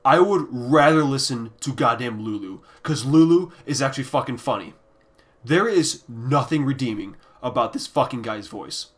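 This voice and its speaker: A man reviewing albums in a casual ranking video, ranting bluntly and with heavy swearing, sometimes sinking into quiet, deflated muttering. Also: medium pitch, animated, moderate pace. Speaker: music reviewer.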